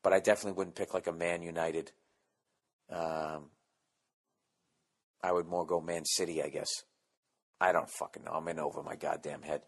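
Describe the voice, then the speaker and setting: A man's voice: sits low, flat delivery, moderate pace, gravelly, long pauses. Profane ranting man in his forties. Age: 40s. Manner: profane, rambling, sarcastic ranting. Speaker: podcast host. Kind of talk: casual comedic monologue.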